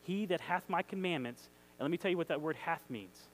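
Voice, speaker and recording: A man with a high voice preaches a sermon with eager energy, quick to get carried away. He reads scripture aloud and keeps turning to his listeners with questions. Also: a little hiss or hum, low-quality recording. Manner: excitable, emphatic, asks the audience questions.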